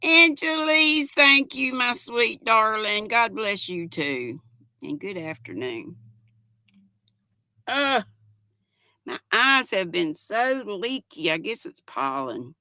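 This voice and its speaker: A woman's voice: fairly high pitch, expressive, slow pace, sharp tone, no room sound, clean studio sound. An older woman hosts a casual livestream, reading viewers' chat in a giggly, folksy way. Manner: chatty, giggly, folksy, talks to viewers as "y'all". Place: at home.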